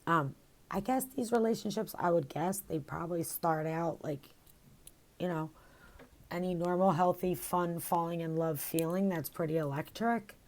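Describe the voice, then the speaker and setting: A woman's voice: lowish voice, normal speed, darkish tone. A woman talking in a rambling, reflective way, with many fillers and restarts, in a casual video diary recorded on her phone. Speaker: vlogger.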